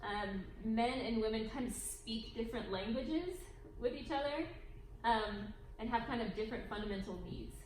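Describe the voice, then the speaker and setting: A woman's voice: on the high side, a little mellow. Woman explaining in an echoey hall. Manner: measured, explanatory, with light laughs. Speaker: marriage workshop co-presenter. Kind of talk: church workshop talk. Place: church hall. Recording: echoey room with faint noise.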